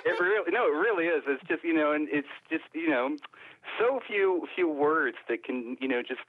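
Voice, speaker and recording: A playful man co-hosts a casual chat, teasing the others and rambling, with a lively voice that jumps up and down. His sound is muffled and dull, with a dry, close feel. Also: on the high side, normal speed, no room sound. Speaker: co-host.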